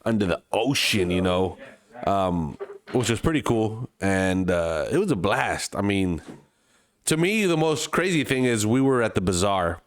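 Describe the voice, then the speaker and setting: A man from Mexico, co-hosting a podcast, telling a travel story with lively acted-out voices and plenty of swearing. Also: fairly low pitch, unhurried, dry recording. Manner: animated storyteller, acts out other people's voices, swears freely. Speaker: podcast co-host. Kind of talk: casual chat, storytelling.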